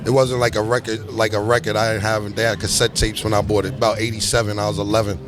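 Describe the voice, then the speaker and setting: A man's voice: lowish voice, level tone, fast talker. A middle-aged man with a New York accent and a slight lisp, talking casually as an interview guest in a music club. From Harlem, New York. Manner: laid-back, drawling, with a slight lisp. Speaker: rapper guest.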